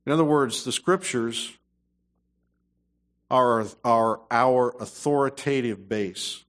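A man preaching a sermon as pastor, dropping to low asides and rising to loud, emphatic passages. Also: slow.

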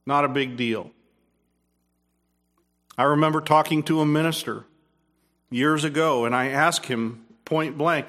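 A man's voice: a little high, lively intonation, a little slow, pauses often, a bit bright. A man pastor preaching a sermon, earnest, repeating phrases and restarting, rising emphatically when pressing a point.

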